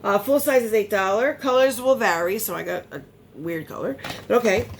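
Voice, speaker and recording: A woman beauty vlogger chatting casually while unboxing, rambling and excitable, sometimes gasping. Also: mid-range voice, brisk, slight background noise.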